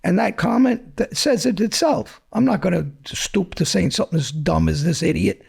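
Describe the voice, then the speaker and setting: A middle-aged man, talking bluntly and combatively as an interview guest, gruff and profane. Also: high voice, moderate pace, a little mellow. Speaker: interview guest, former mobster.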